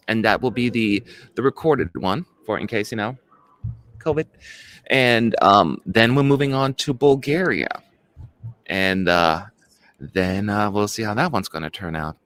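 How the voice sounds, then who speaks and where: A man hosting a laid-back live stream, his voice on the low side but swooping up and down a lot. He gushes and sighs over what he likes. He moves the chat along between topics. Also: animated, a little slow, fairly bright tone. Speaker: stream host. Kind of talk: casual chat.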